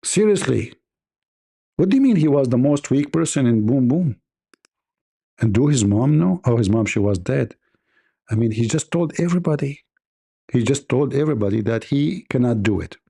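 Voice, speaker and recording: A man's voice: medium pitch, gravelly, dark tone, breathy edge. A man hosting a live debate stream, talking in a sarcastic, taunting way. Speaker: debate livestream host. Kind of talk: mocking live-stream monologue.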